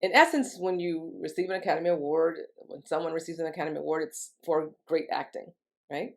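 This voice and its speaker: A woman's voice: deep voice, a little fast. A woman, a grief recovery specialist, explaining step by step in an educational monologue and often asking "right?" to check in with the listener. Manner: acts out quoted speech in a livelier voice.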